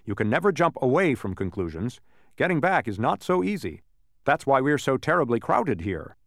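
A man's voice: medium pitch, very animated, moderate pace, dry recording. Man doing a confused storybook man, exaggerated, swinging voice, dry close sound. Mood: exuberant. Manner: exaggerated, swinging between extremes. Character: confused shape-shifting grown man.

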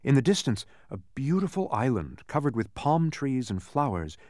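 Expressive male storybook narrator. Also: mid-range voice, normal speed, dry recording, studio quality. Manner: expressive, sing-song reading.

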